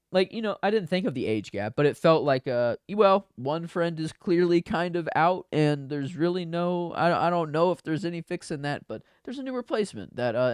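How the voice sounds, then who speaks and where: Gravelly, easygoing male podcast co-host. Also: medium pitch, no room sound, clean studio sound. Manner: easygoing, hesitant, many fillers and restarts. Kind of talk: casual film discussion.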